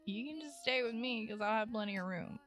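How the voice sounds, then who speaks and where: A woman in casual chat with a friend, relaxed and talkative, laughing often. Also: a little high, a little fast, soft background music.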